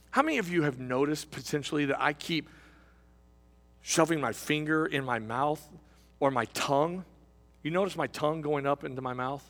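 A man with a high voice preaches a sermon from a pulpit, leaning on emphatic repeats and slipping into quiet, conversational asides. His voice carries with a long reverb, as in a church sanctuary. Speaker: pastor.

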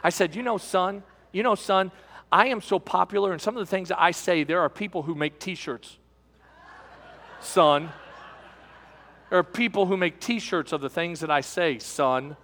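A man's voice: high voice, moderate pace, fairly bright tone, long reverb tail. A middle-aged man pastor preaching a sermon, telling a folksy personal story and calling his listeners friends.

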